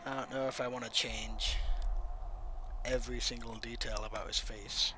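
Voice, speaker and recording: A man hosting a casual let's-play, chatting in a relaxed, amused way as he builds a character. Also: medium pitch, normal speed, noisy background. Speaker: gaming channel host. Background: game music.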